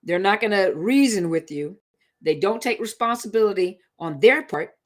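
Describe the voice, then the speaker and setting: Woman doing a casual live stream, chatty and emphatic, middle pitch, keeps repeating herself for emphasis. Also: animated, normal speed. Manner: conversational, emphatic, repeats points. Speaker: live-stream host on relationships.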